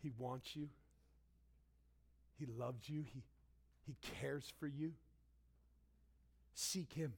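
A young man preaching a sermon as pastor, animated, acting out quotes and swinging between loud and hushed. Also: mid-range voice, takes it slowly, gravelly, pauses often, breathy edge.

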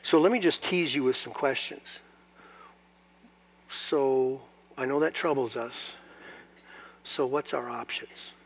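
A man preaching a sermon to a congregation, moving between quiet, confiding asides and loud, emphatic passages and putting rhetorical questions to his listeners. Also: mid-range voice, slow pace, creaky, pauses often, slightly rough. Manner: asks the audience rhetorical questions. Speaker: pastor. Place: church hall before a congregation.

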